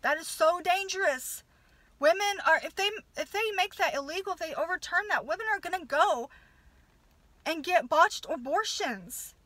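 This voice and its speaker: A woman's voice: very high voice, animated, a bit bright, no room sound, low-quality recording. A woman in her thirties, a nurse and mother, venting angrily to camera with lots of swearing and stop-start restarts. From United States. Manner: profane, halting, many restarts. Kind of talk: angry personal rant.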